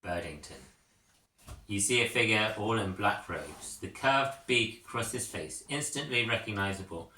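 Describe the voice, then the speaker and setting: A man narrating a second-person storybook in a measured way, with occasional coughs. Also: fairly low pitch, expressive, sharp tone. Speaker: audiobook narrator. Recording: roomy echo, mic at a distance.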